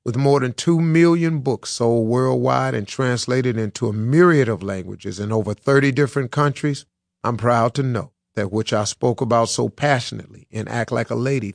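A man's voice: mid-range voice, creaky, dry recording. A man reading his own book aloud as an audiobook, with earnest, personal storytelling. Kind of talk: audiobook narration. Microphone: close studio mic. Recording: dry studio sound.

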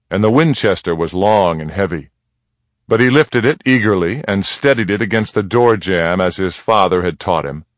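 A man reads a western story aloud with calm, even delivery. His voice sits very low and moves at an unhurried pace, recorded close and dry with no room around it. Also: no echo. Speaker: audiobook narrator. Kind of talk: scripted narration of a western story.

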